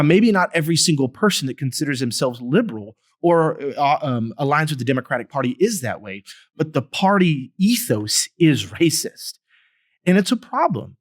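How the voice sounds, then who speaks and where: A man hosting a podcast, giving solo political commentary in an emphatic, animated way with sarcastic asides. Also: a little high. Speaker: podcast host.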